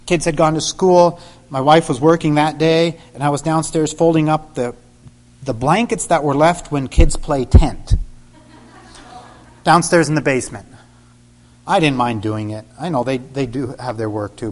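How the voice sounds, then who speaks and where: Middle-aged guy preaching a story, kinda high voice, acts out all the lines, gets loud sometimes. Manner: animated storyteller, acts out dialogue with sudden loud bursts. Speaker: preacher telling a testimony. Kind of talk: sermon storytelling.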